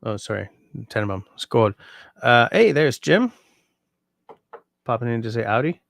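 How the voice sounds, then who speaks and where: Drowsy man, gravelly low voice, dry close sound, rambling livestream chat. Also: a little slow, no room sound. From Canada. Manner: relaxed, rambling with restarts. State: sleepy, yawning. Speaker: livestream host. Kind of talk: casual livestream chat reading comments.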